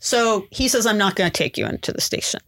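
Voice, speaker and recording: A woman guest telling a story on a chat podcast. She talks casually and jumps into higher, louder voices whenever she quotes someone, then drops back to her plain, middle-pitched voice. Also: quick pace. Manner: acts out quotes in raised voices.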